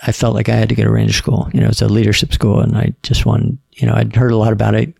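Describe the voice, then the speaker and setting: Gravelly laid-back man telling stories. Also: fairly low pitch, completely flat delivery, fast talker, darkish tone, dry recording, clean studio sound. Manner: laid-back storyteller, quotes others in dialogue. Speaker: podcast guest. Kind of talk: casual storytelling.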